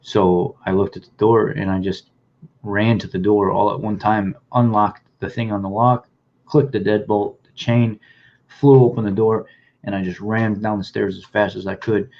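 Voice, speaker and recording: A man telling his own life story in a halting, plain-spoken way, often repeating words as he goes. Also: fairly low pitch, level tone, creaky. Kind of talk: personal storytelling, reading news clippings aloud. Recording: dull, lo-fi sound.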